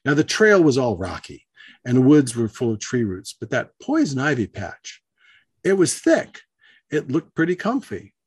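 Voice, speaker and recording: Man, storyteller, husky, very lively pitch, dry close mic, acts out voices. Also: moderate pace, no echo. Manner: animated, acts out voices with big pitch jumps. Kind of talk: told personal story, on radio.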